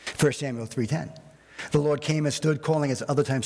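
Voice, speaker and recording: A man preaching a sermon as pastor, animated and conversational, with personal asides. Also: medium pitch, quick pace, long reverb tail.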